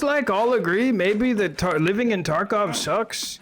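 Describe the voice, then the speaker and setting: A man's voice: sits high, a little slow, a little hiss or hum. A man streaming a game, bantering and joking casually with a friend and swearing freely. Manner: jokey, animated, swears freely.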